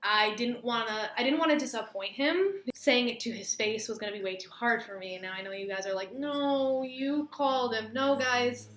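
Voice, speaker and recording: A woman's voice: a little high, a little fast, few pauses, a bit bright. A young adult woman telling a personal story in casual, chatty storytime style, full of "like" fillers. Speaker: vlogger. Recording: roomy echo, faint room noise.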